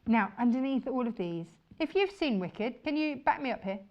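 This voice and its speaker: A woman's voice: fairly high pitch, expressive, normal speed, dull audio. A woman presenting fabrics on a shopping channel, chatty and enthusiastic. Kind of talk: chatty live sales presentation.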